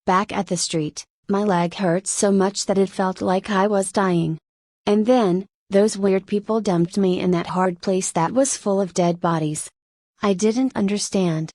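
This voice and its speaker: A woman narrating a first-person light novel audiobook in a steady, measured reading. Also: mid-range voice, no room sound.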